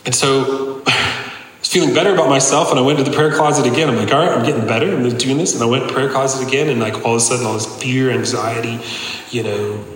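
A man's voice: mid-range voice, steady tone, quick pace, a bit bright. A man preaching a personal testimony to a congregation in a conversational, earnest way, full of casual fillers. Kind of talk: sermon testimony. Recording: echoey hall, long reverb.

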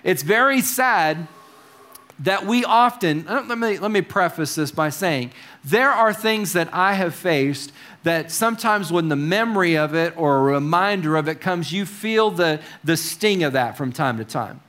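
Male preacher, high voice, casual sermon with wry asides and questions to the congregation. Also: lively intonation, unhurried, fairly bright tone. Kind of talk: conversational sermon.

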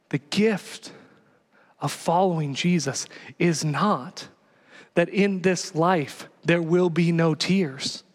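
A male pastor preaching passionately, swinging from hushed lines to loud exhortation. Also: a little high, slow. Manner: passionate, builds to shouting exhortations. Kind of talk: sermon. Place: church. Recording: long reverb of a church hall.

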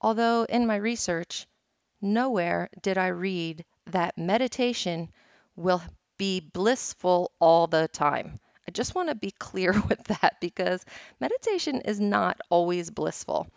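A woman's voice: on the low side, lively intonation, unhurried, gravelly, no room sound. A woman hosting a meditation podcast, teaching in a casual, chatty way and telling stories with frequent laughs, on a dull, lo-fi recording. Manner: chatty, storytelling, laughs often.

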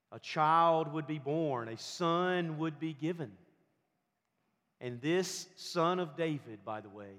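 A man preaching a sermon with emphatic delivery, building to loud, forceful peaks. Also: a little high, in a large hall. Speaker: pastor.

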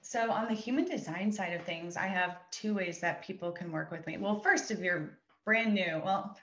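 A woman coach chatting as a podcast guest, enthusiastic and affirming as she describes her work. Her voice sits a little low, and the recording sounds slightly dull and lo-fi. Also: normal speed, fairly bright tone. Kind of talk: casual podcast chat.

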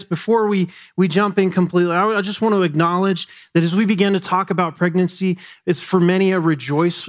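Male pastor in his thirties, slightly higher voice, relaxed storytelling sermon, talks to the room. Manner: storytelling, conversational, addresses the congregation directly.

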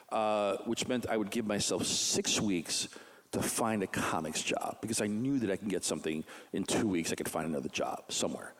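A man casually telling a story about his own career, animated, often restarting sentences and acting out other people's lines. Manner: animated, acts out other people's lines with big pitch jumps; frequent restarts and stumbles. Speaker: comic book artist guest.

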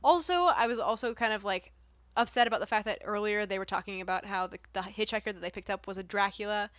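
A woman co-hosting a casual movie review chat, telling stories with lively asides and acting out her own reactions. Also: fast, dry recording. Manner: animated storyteller, quotes herself in a higher voice. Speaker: podcast co-host.

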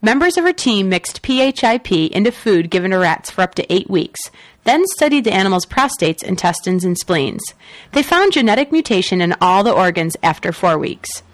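A woman co-host reads the news on a talk radio show, dry and close to the mic with no room sound. She delivers at an average pitch, slipping sarcastic, opinionated asides between the stories. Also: big pitch swings, normal speed, no room sound. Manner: wry, sarcastic, laughs with a cackle.

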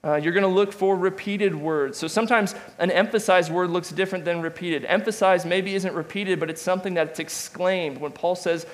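A man's voice: sits high, brisk. A man teaching a Bible study class in a conversational way, with restarts and asides. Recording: long reverb of a large room.

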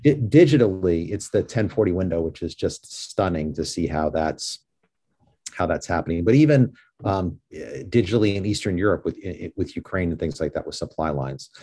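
A man from New York speaks as a guest in a relaxed interview. His voice sits low and mellow, and he talks earnestly, often restarting his sentences. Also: fairly quick, breathy edge. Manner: earnest, with frequent restarts and "you know". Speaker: guest, ministry leader. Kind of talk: casual interview chat.

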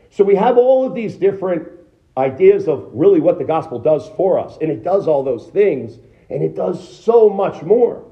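Male American pastor, fairly high voice, conversational sermon delivery with rhetorical questions, dull muffled recording. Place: church sanctuary.

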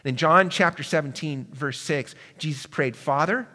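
Male pastor, sermon, bright voice, hushed to emphatic, reverberant church hall. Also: fairly high pitch, moderate pace, hardly any pauses. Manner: dynamic preaching, swings between hushed and emphatic.

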